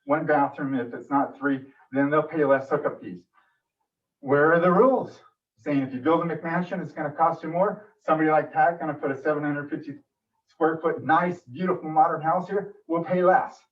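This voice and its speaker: A man giving an emotional, frustrated public comment at a city meeting. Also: on the high side. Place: council meeting room. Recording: distant dull room mic.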